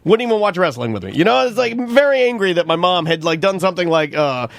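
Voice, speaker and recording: A man co-hosting a casual radio show, telling animated stories and bursting into shouted imitations. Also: sits high, quick pace, creaky, dry recording. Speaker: co-host.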